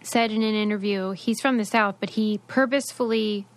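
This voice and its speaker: A woman's voice: mid-range voice, steady tone, normal speed. A woman co-hosting a podcast, chatting casually and explaining what she read, with side remarks. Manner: chatty, explains a study with asides. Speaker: podcast co-host. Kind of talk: casual chat.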